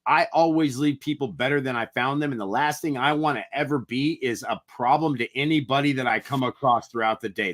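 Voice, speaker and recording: A man's voice: mid-range voice, a bit bright. A man co-hosting a podcast, talking in an earnest, reflective way with some mild swearing in a casual motivational chat. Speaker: podcast co-host.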